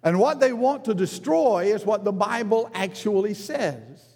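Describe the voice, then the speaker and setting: A man's voice: lively intonation, measured pace, soft background music. Earnest preacher man in a reverberant hall. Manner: earnest, rises in emphasis then drops low and quiet. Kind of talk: sermon.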